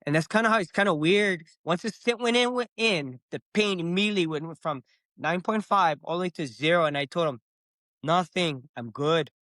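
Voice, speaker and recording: Man, middle-aged, podcast guest, animated storytelling, slightly high voice, dry close sound. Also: moderate pace, no echo. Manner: animated, acts out his own past words. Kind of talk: casual storytelling.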